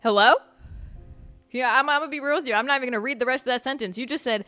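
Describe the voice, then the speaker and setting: Loud lady podcaster, swears a lot, dry close sound, faint music behind. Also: sits high, rapid-fire, no room sound. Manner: brash, excitable, swears freely. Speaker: podcast host. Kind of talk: casual chat with live chat.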